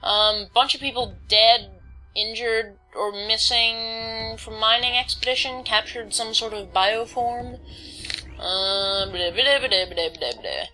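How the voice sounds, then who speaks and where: Woman, bright tone, chatty gameplay commentary, reads text aloud, stumbles over words. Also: fairly high pitch, slow pace, soft background music, poor audio. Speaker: let's play host.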